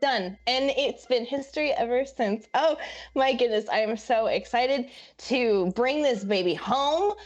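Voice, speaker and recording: A woman's voice: a little high, a little slow, dull audio. A woman player in casual, bubbly chat about the game. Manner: bubbly, chatty.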